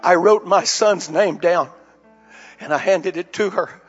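Male preacher with a high voice, talking candidly to his congregation as he tells a story from his own life; dull recording, faint music. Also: a little slow, slightly rough. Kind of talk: personal story sermon.

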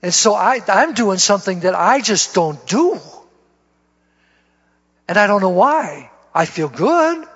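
Giving his testimony as a church guest speaker, a man tells his conversion story with folksy charm and laughs at himself. His high voice is sing-song, slow, a bit bright and slightly rough, captured in a dull lo-fi recording full of long reverb.

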